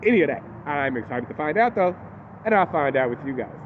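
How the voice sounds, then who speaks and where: A man's voice: fairly high pitch, brisk, slight background noise. A man animatedly recapping a TV episode in casual speech, acting out the characters as he goes. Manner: animated, acts out characters in quotes. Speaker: TV recap host. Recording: tinny phone-like audio.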